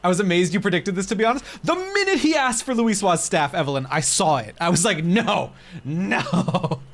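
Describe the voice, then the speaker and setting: A man's voice: high-pitched, sing-song, fast, a bit bright. Emotional streamer man reacting to a game. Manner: emotional, rambling, swearing, joking to chat. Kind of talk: casual live-stream reaction.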